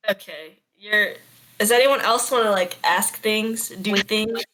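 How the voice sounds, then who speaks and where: A woman running a tabletop game with a bright voice at an everyday pitch. She narrates casually, laughing often between lines. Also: measured pace, low-quality recording. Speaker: game master.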